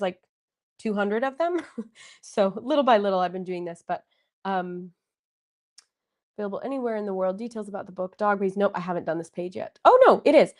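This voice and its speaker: A woman hosting a casual livestream, chatting and encouraging viewers as she reads out their comments. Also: medium pitch. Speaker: livestream host.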